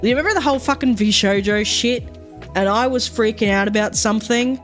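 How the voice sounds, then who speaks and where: A woman's voice: a little high, fairly quick, faint music behind. A woman streaming, chatting casually and rambling with many fillers and frequent swearing.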